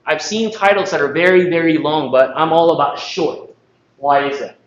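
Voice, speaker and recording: A man from the Philippines giving a lively conference presentation, joking and asking the audience questions. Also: fairly high pitch, normal speed. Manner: jokey, asks the audience questions. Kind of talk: live presentation talk. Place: conference hall. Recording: distant mic, echoey hall, dull sound.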